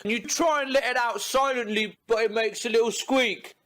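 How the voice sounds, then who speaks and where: A man delivering a loud, sarcastic, profane comedic rant to the camera. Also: very high voice, normal speed, hardly any pauses, soft background music. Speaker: comedy video host. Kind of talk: ranting comedic monologue.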